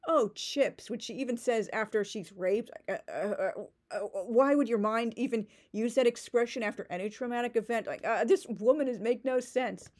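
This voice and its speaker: A woman's voice: on the high side, moderate pace, a little mellow. A woman ranting in a book-critique vlog, sarcastic and indignant, with many "like" fillers and restarts.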